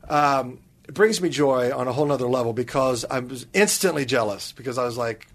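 A man's voice: mid-range voice, a little fast. A man co-hosting a casual podcast chat, acting out the people in his stories. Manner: animated storytelling, acts out people he quotes. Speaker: podcast co-host, actor.

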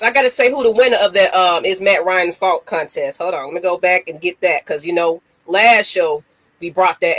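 Excitable woman hosting a sports show. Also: mid-range voice. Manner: excitable, hypes the audience. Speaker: host. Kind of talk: casual sports talk.

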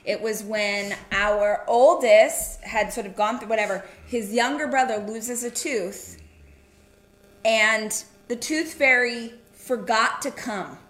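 A woman co-hosting a casual chat, telling a family story in an animated way with quick asides. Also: a little high, roomy sound. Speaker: podcast co-host.

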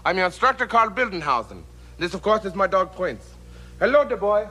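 Pompous German sketch-comedy instructor, high and sharp, lecturing hard. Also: male voice, sing-song, a little fast, husky, heavily acted. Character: pompous German home-improvement TV instructor man. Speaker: comedy sketch character played from archive.

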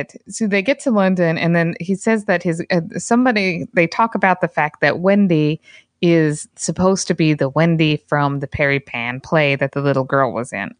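Dry-sounding woman, relaxed movie chat. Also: low voice, no room sound. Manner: chatty, laughs often, relaxed asides. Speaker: podcast co-host. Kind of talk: casual movie review chat.

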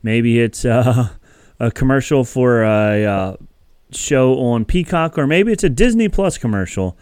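A man's voice: medium pitch, expressive, measured pace, a little mellow, smooth, dry recording, studio quality. A man hosting a podcast in casual chat, rambling and chatty and laughing often between thoughts. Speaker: podcast host.

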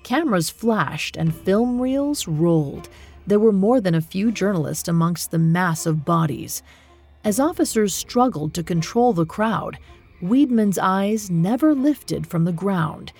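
A woman hosting a podcast, telling a grim history in measured, scripted narration. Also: medium pitch, animated, a little mellow, slightly rough, soft background music. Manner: measured, grave storytelling. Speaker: podcast host.

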